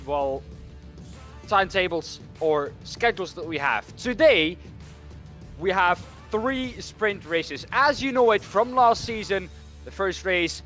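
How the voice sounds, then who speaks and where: High-voiced race commentator. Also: male voice, a bit bright, dry recording. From Netherlands. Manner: talks through schedules and standings, pausing on names. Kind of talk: sim racing broadcast commentary.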